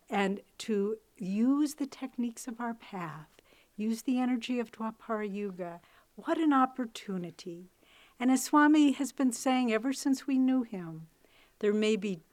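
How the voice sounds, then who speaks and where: Woman giving a storytelling spiritual talk. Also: a little high. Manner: warm storytelling with quoted asides and soft emphatic drops. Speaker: spiritual teacher.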